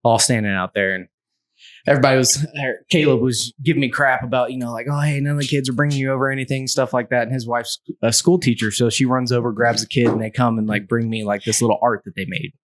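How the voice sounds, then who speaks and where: A man's voice: medium pitch, steady tone, fast, no room sound. A man guesting on a podcast, telling chatty, profane stories full of fillers. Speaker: podcast guest, food product maker. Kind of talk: casual storytelling.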